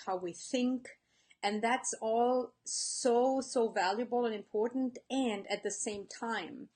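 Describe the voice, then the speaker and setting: A woman life coach giving an earnest live-stream talk, speaking straight to her viewers and reading out their comments. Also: a little high. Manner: earnest, warm-hearted, speaks to viewers directly.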